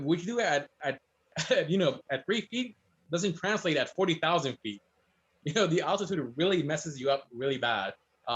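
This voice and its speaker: A man speaking quickly in a slightly high voice, chatting casually as a guest chef. He tells lively stories and acts out the voices of people he quotes. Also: lo-fi sound. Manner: fast, storytelling, animated quotes. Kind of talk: casual chat.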